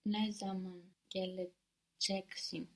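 A woman learning a language, answering her teacher carefully and sounding out words slowly. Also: medium pitch, level tone, fairly bright tone. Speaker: language student. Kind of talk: learner repeating and answering in a lesson.

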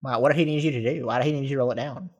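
A man's voice: mid-range voice, very fast, muffled recording. A young man co-hosting a casual podcast chat, laughing easily and sounding exasperated and incredulous. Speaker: podcast co-host.

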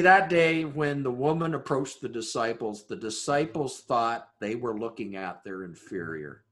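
A man preaching a sermon, building through rhetorical questions and dropping to a hushed voice for emphasis. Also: mid-range voice. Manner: dramatic rhetorical questions, swings between loud and hushed. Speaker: pastor.

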